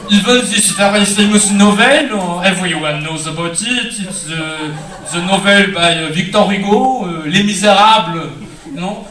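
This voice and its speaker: Man from the Philippines, stand-up comic, chatty, filler words, slightly high voice, roaring crowd. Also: normal speed, noisy background. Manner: chatty, with many "you know" and "uh" fillers. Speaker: stand-up comedian. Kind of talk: stand-up comedy set. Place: theater stage. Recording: echoey theater, far mic, loud laughing crowd.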